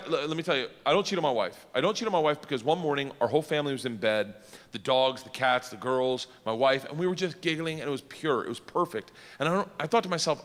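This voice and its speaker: A man doing stand-up storytelling, loud and animated, acting out the voices in his story. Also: mid-range voice, fast talker, long reverb tail. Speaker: stand-up comedian.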